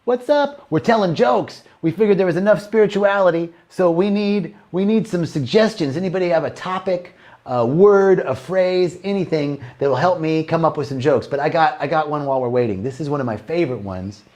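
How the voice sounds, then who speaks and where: A man's voice: on the high side, brisk, a little mellow. A man telling jokes live to an online audience in a loose, rambling way. He restarts his sentences, trails off, and laughs at his own punchlines as he goes. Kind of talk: casual joke-telling on a livestream.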